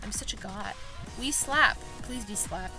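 A woman vlogging in a casual commentary style, excitable and self-mocking, reacting quickly as she plays. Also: mid-range voice. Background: background music.

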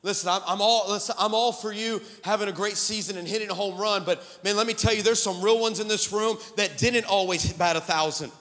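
A man preaching a sermon to his congregation, telling stories with animated humor and jokes. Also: high-pitched, brisk, few pauses, big-room sound. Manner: animated storytelling, joking with the congregation. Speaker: pastor. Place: church sanctuary.

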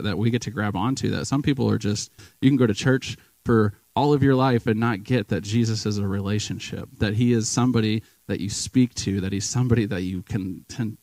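A man's voice: lowish voice, gravelly, darkish tone, dry recording, low-quality recording. A man giving a casual, emotional sermon in a church, telling a story with lots of restarts and fillers. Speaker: guest preacher.

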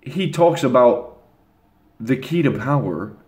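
A man's voice: mid-range voice, animated, takes it slowly, darkish tone. Blunt young man ranting in echoey room. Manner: blunt, rambling, with crude slang. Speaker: channel host. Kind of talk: casual monologue to camera.

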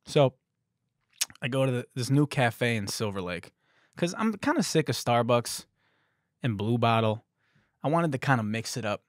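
A man in his thirties hosting a podcast, telling a comic story in a sarcastic, animated way. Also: mid-range voice, moderate pace, long pauses, no room sound, clean studio sound. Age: 30s. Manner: sarcastic, animated, puts on voices for quoted people. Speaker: podcast host. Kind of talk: comedic storytelling monologue.

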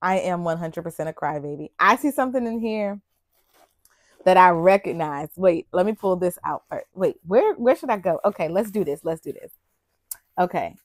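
A young woman, chatting excitedly to viewers as she unboxes gifts. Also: fairly low pitch, moderate pace, no echo, clean studio sound. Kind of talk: casual unboxing chat. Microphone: external mic on camera.

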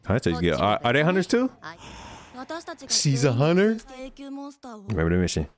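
A young man streaming his live reaction to an anime, talking in slang and jumping from low mutters to sudden excited yelps. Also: moderate pace, crowd noise.

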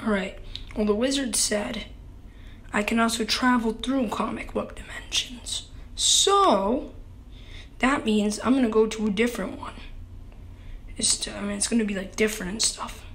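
A goofy teddy bear, voiced by a woman, rambles slowly through a homemade comic video, full of fillers and loose chatter. The voice is fairly high, bright and sharp, and the unhurried pace leaves long gaps between phrases. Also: a little hiss or hum. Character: excitable teddy bear hopping between dimensions.

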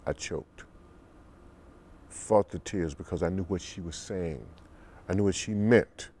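An older man, a musician guest in an interview, telling stories in an unhurried way and acting out the quotes. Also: a little mellow, breathy edge. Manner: deep, unhurried storyteller who acts out quotes. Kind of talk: relaxed storytelling interview.

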